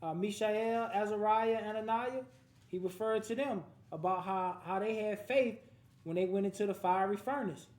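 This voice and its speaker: A man's voice: sits high, moderate pace, a little mellow. A man leading a Bible class, commenting on each verse read aloud in loose street slang and telling the class to read on. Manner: slangy, street-talk asides. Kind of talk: lively scripture commentary. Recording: roomy echoing room.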